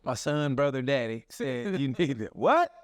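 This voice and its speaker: A man's voice: medium pitch, moderate pace, darkish tone, clean tone, no echo. A man co-hosting a podcast, telling profane comedic stories full of put-on voices. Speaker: podcast co-host. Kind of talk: casual comedic chat.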